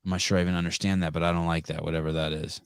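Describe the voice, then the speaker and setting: A man's voice: sits low, flat delivery, racing, creaky, clear, resonant tone, no echo, clean studio sound. A man hosting a podcast in casual chat, blunt and swearing freely. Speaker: podcast host.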